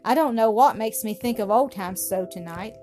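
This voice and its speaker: A woman voicing a poor, gentle elderly spinster who speaks tenderly and with wonder. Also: a little high, moderate pace, natural voice. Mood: puzzled, wistful. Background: music.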